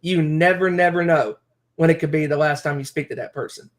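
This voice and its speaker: A man's voice: fairly high pitch, fairly even intonation, fairly quick. A man co-hosting a wrestling podcast, talking in a rambling, heartfelt way full of fillers. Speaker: podcast co-host. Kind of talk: casual chat.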